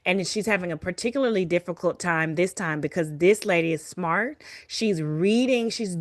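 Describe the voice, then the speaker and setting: Co-hosting a podcast, a woman recaps a story in casual conversation, animatedly acting out the lines she quotes. Her voice is fairly low and her pace normal. The recording is dry and studio quality.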